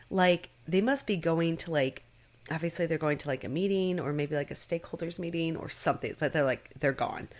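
A woman with a low voice chats through an episode recap on her podcast. She talks loosely with many fillers and acts out the characters' lines as she goes. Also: a little fast. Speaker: podcast co-host. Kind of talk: casual recap chat.

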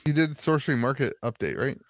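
A man hosting a podcast segment in casual chat, easygoing and quick to laugh. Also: medium pitch, big pitch swings, a little hiss or hum. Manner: laughing, easygoing, a bit defensive. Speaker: podcast host.

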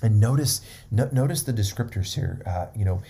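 Man, preacher, sermon, low voice, mellow tone, emphatic, repetitive. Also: moderate pace, creaky, breathy edge. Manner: repetitive, emphatic, checks in with "okay?".

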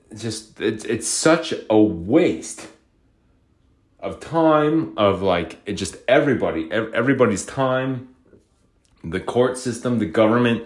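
Man from Utah, lowish voice, rambling profane solo rant, fed up. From Utah, USA. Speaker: podcaster.

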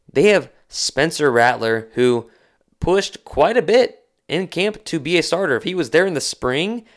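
Smooth-voiced animated male podcast co-host. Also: mid-range voice. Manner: animated, slangy, acts out quotes. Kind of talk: casual sports talk.

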